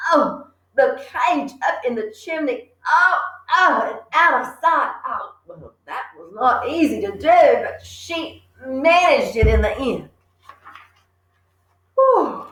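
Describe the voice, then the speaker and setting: Lively woman reading a children's story. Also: fairly high pitch, echoey room, low-quality recording. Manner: animated, chatty asides. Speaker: teacher reading aloud. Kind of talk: children's story read-aloud.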